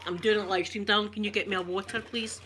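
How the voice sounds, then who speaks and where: A woman's voice: medium pitch, steady tone, fast, very noisy. A Scottish woman chatting on an ASMR live stream, ranting with animation and swearing freely. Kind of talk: casual live-stream chat.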